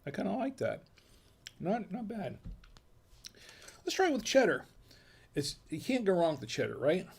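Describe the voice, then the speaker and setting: A man's voice: sits high, big pitch swings, quick pace, gravelly, slightly rough. An American man hosting a casual wine tasting, chatty and folksy, murmuring as he samples food and wine. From United States. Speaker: wine review host.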